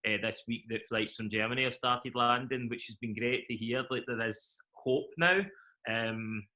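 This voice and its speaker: A young Scottish man with a strong Glasgow accent answers questions about his business. His voice is bright and forceful at a middling pitch. He fills his answers with ums and laughs easily. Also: steady tone, normal speed. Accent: Glaswegian Scottish. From Scotland. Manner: many fillers, laughs easily. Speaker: event company chief, interview guest. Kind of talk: video interview answers.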